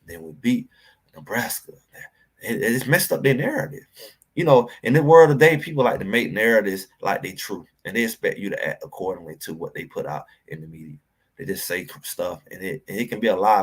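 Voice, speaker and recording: A man with a fairly low voice hosts a sports livestream, talking straight to his viewers. He rants in an animated, preachy way, pressing each point home. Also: breathy edge. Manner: animated, preachy rant, addresses chat directly. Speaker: sports talk host.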